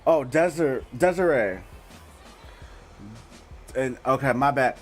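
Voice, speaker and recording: A man's voice: lowish voice, moderate pace, darkish tone, faint music behind. A man hosting a casual live tarot reading, blunt and profane, who laughs often as he talks.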